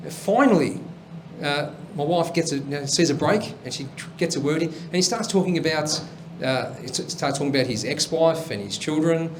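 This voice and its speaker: A man's voice: a little high, expressive, normal speed. A man hosting a comedy show, telling stories and jokes in a rambling, chatty way with lots of fillers. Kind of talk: stand-up storytelling and joke telling. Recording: faint background noise.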